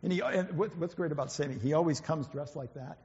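A man's voice: a little high, quick pace, darkish tone. Hesitant man preaching in an echoey hall. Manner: conversational, hesitant, many fillers and restarts. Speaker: church speaker. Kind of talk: informal sermon with slides. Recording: dull, echoey church hall.

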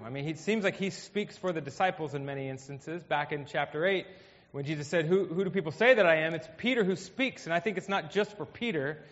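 A man's voice: fairly high pitch, highs cut off. Man preaching in an echoey hall. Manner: conversational preaching, swings from hushed to emphatic. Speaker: pastor. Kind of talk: sermon. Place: church hall.

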